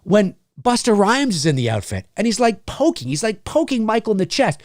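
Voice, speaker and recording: A man's voice: high-pitched, sing-song, fast, hardly any pauses, no room sound, studio quality. A man in his forties hosting a casual live-stream Q&A, rambling and laughing between viewer questions. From Canada. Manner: rambling, laughs often, hams up movie quotes. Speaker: host answering viewer questions.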